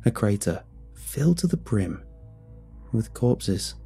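A male narrator telling a first-person horror tale in a tense, dramatic style. His voice is low, deeply husky and dark, and faint music sits underneath. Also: sing-song, takes it slowly, long pauses.

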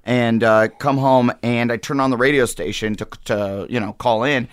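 A man in his thirties, a podcast guest chatting casually and telling lively stories, slipping into character voices. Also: mid-range voice, moderate pace, smooth, no echo, studio quality. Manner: animated storyteller, slips into character voices. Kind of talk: casual chat.

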